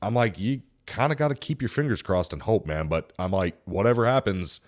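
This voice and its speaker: A man's voice: fairly low pitch, animated, fairly quick. A man co-hosting a podcast, retelling a workplace story in a joking, casual way and quoting the people in it. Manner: joking, retells stories with quoted dialogue. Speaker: podcast co-host.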